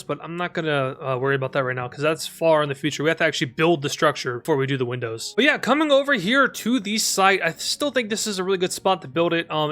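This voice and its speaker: A young man chatting through his Minecraft survival gameplay, upbeat and self-mocking, with sudden excited shouts. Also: high-pitched. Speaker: gaming YouTuber. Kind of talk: Minecraft let's-play commentary.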